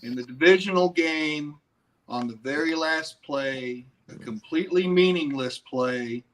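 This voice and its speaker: A man's voice: fairly high pitch, measured pace, fairly bright tone, poor audio. Man telling a sports memory. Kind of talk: casual sports banter.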